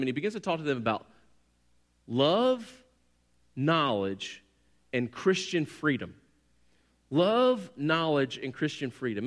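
A man in his forties preaching a sermon, telling a personal story and swinging from quiet to loud, excited bursts. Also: on the high side. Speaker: pastor. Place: church hall. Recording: long hall reverb.

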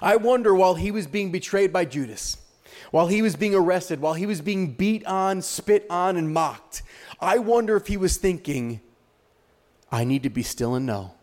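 Man, pastor, high-pitched voice, dramatic sermon delivery, repeated rhetorical questions. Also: expressive, normal speed.

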